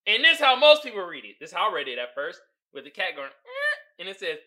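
A man hosting his own podcast in casual solo chat, slangy and animated, laughing often. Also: high voice, fast. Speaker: podcast host.

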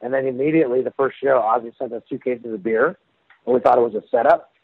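A man's voice: mid-range voice, fast, breathy edge, dry recording. A man, a rock singer, telling stories in a rambling, casual way, with many fillers and restarts. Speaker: rock singer, interview guest. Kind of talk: casual phone interview. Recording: dry tinny phone line.

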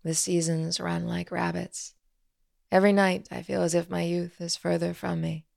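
A wry, guarded healer woman brushes off teasing with dry remarks, as a woman reads her. Her voice sits low with a gravelly edge, a storybook figure. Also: level tone, moderate pace, darkish tone, no echo. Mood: wistful.

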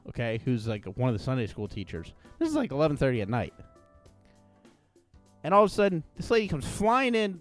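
A man co-hosting a podcast, telling an anecdote in a casual, profane, animated way. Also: medium pitch. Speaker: podcast co-host. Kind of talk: casual storytelling chat.

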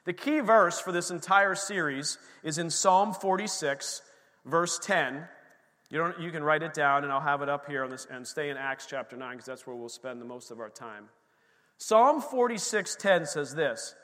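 A man with a high, bright voice preaches a sermon from a church platform. He talks in an animated way, acts out the voices he quotes and calls out to the congregation. The sound carries a long reverb from the hall. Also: unhurried. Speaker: pastor. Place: church sanctuary.

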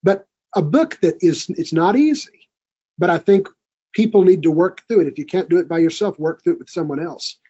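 A man's voice: sits high, brisk, warm tone, slightly rough, highs cut off. A man speaking as a guest in a studio conversation, earnest and encouraging. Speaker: podcast guest. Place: recording studio.

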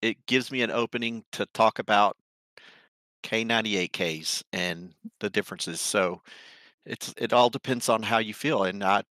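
Bright-toned, low-voiced male guest. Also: moderate pace, no room sound. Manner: relaxed, good-humored storyteller. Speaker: guest author and collector. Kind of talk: casual interview chat.

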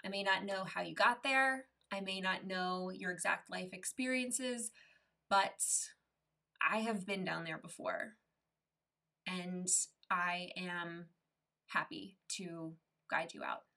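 A woman voicing a calm, kind male friend who reassures someone that he knows the way out, in a spoken allegory. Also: high-pitched, slow pace, creaky, recorded from a distance, exaggerated voice. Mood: reassuring. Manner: gentle, reassuring. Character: calm, kind friend who has been there before.

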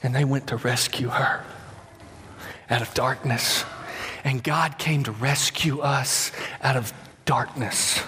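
A man pastor preaching a sermon to his congregation, animated and conversational, often repeating words and asking the listeners to join in. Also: mid-range voice, takes it slowly, long pauses, in a large hall, slight background noise.

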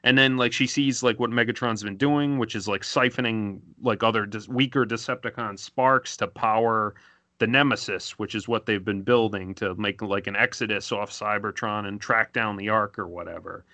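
A man co-hosts a fan podcast, rambling through a plot recap with constant filler words. His low voice has a bright, forceful edge. The recording is dry, with no room sound. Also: fairly even intonation, normal speed, dry recording. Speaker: podcast co-host.

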